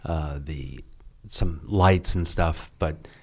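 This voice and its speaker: A middle-aged man, a retired Navy SEAL guest on a podcast, telling training stories casually, halting and restarting often. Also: a bass voice, breathy edge. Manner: halting, with many restarts and acted quotes. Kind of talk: casual storytelling.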